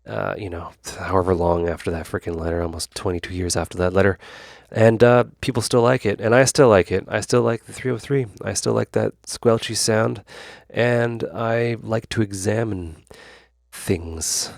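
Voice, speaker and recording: In a relaxed, meandering tutorial, a YouTube host with a low, gravelly voice demos a synth at a moderate pace, filling it with asides and verbal fillers. There's no room sound, just a dry, close recording.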